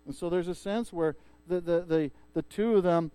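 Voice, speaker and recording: A male pastor preaching a sermon and retelling a story in a lively way, with frequent restarts. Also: on the high side, moderate pace, clean tone, dry recording.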